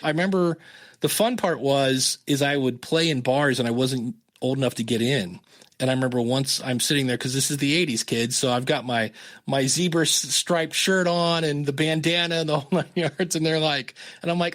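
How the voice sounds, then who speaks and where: A man's voice: a little high, brisk. A man in his fifties, a podcast guest telling stories in a casual interview, acting out the people he quotes. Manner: animated, acts out quoted dialogue.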